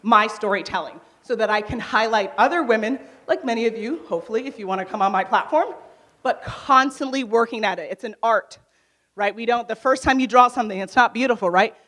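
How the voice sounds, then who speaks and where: Loud, lively woman speaker on stage. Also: a little high, fairly quick. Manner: lively, laughs often, asks the crowd questions; naturally loud. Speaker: conference speaker. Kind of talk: motivational workshop talk to a live audience. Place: conference hall stage.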